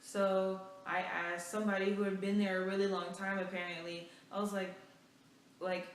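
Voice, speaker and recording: A young woman vlogger telling a story in a lively, chatty way, full of fillers. She sounds a fair way from the mic in a very echoey room. A faint hiss sits under her voice. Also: medium pitch, normal speed, distant mic. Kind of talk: casual storytime.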